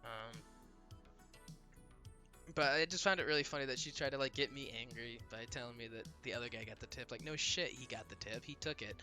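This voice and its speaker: Bright-voiced young man rambling over gameplay. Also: mid-range voice, a little fast. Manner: rambling, profane, laughs easily. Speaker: gameplay commentator. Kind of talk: casual let's-play commentary. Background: faint game music.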